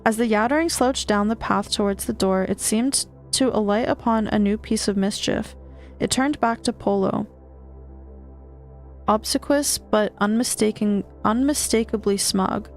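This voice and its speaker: Woman streamer, reading horror aloud, gravelly voice, little stumbles, faint music behind. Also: mid-range voice, a little slow. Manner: steady reading with small stumbles and restarts.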